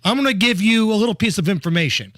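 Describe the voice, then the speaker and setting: A male talk radio host bantering and running a call-in contest, brisk and playful. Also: high-pitched, expressive, fairly bright tone, no echo, studio quality. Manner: brisk, playful, laughs often. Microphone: studio microphone.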